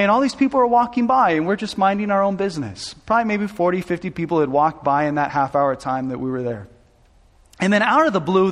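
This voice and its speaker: A man preaching as a pastor, telling a personal story with emotion, restarting phrases as his intensity builds. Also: high-pitched. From Southern California. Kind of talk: sermon storytelling. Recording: long hall reverb.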